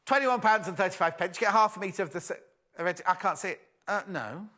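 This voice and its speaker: A man's voice: high-pitched, a little fast, bright, forceful tone. A man hosting a live shopping show, chatty and self-mocking, often giggling at his own jokes. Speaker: shopping channel presenter. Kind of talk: live TV sales chat.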